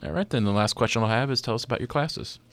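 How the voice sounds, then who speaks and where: A man's voice: mid-range voice, fast, fairly bright tone. A man hosting a casual film chat, talking loosely with lots of "like" fillers. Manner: chatty, full of "like" fillers. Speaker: podcast host.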